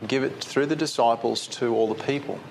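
A man's voice: mid-range voice, brisk, gravelly, slight background noise. A man preaching a conversational sermon that keeps putting questions to his listeners.

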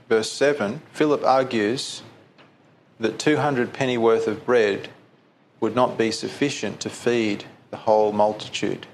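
Questioning preacher, faint hiss. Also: male voice, mid-range voice. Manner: conversational, asks the listeners questions. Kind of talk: sermon.

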